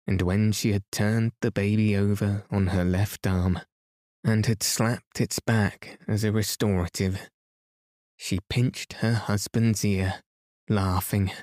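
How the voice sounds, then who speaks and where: A man reads a classic story for sleep in a low, very slow and soothing voice. The sound is dry and close, with nothing behind it. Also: no echo. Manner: calm, soothing and measured. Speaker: podcast host and reader. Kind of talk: bedtime story reading.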